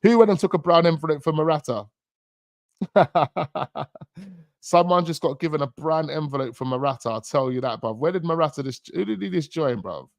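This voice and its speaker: A man's voice: fairly high pitch, animated, normal speed, vocal fry, no echo. A man hosting a football channel, talking in a rambling, slangy way with chuckling asides. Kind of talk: casual live-stream chat.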